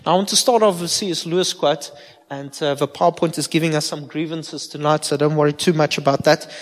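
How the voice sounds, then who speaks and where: A man's voice: fairly high pitch, fairly even intonation, brisk. A man, a pastor giving an informal sermon and asking his listeners direct questions. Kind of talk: conversational sermon. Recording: long hall reverb.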